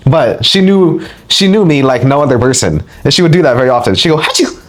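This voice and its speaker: As host of his channel, a spiritual teacher gives a motivational lecture with emphatic delivery, repeating words to drive points home. His medium-pitched voice is animated and quick.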